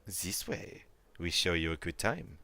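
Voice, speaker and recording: A man's voice: low-pitched, very animated, measured pace, creaky, pushed and bright, no echo, exaggerated voice. A man putting on a clumsy mock French accent to voice a flirty, coaxing woman attendant.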